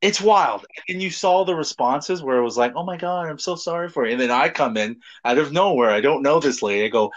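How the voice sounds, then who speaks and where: A man's voice: on the high side, a little fast, few pauses, dull audio. A man co-hosting a casual podcast, telling crude stories with lots of laughter and swearing. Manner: animated storytelling, laughs often, swears freely. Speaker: podcast co-host.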